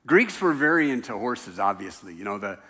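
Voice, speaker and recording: A man's voice: lowish voice, very animated, fairly quick, bright, forceful tone, breathy edge, in a large hall. A man preaching a sermon in a church, talking in a loose, conversational way with self-deprecating jokes. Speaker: pastor. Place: church sanctuary.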